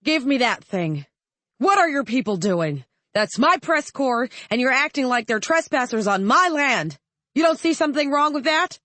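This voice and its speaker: A woman voicing a blustering, booming older male senator in an audiobook, folksy in manner. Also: animated, unhurried, fairly bright tone, no echo. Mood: scolding.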